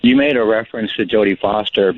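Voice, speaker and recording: A man's voice: lowish voice, brisk, a little hiss or hum. A man calling in to a radio show, rambling and hesitant with many fillers. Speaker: caller. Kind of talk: phone-in call. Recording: dry phone-line audio.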